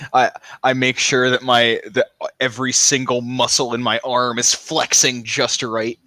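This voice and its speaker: A man playing in an online tabletop game talks very slowly, his voice bright and forward. The sound is dry and close, with no room around it. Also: mid-range voice, little pitch movement, dry recording. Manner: joking, laughs often. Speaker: player. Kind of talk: casual chat in a tabletop game. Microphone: voice call.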